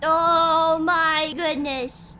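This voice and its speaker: A woman streamer chatting excitedly during a live game stream, often squealing, shouting and laughing with joy. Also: very high voice, extremely slow, a little hiss or hum.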